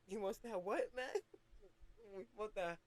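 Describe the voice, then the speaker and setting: A man's voice: sits high, unhurried. A young man hosting a reaction video, talking casually, laughing a lot, swearing freely and repeating lines back.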